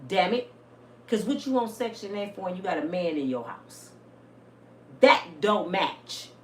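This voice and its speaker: A woman in her fifties talking casually and bluntly to her viewers, telling stories with salty, animated energy. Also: medium pitch, measured pace. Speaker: vlogger. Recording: roomy, a bit distant, faint hiss.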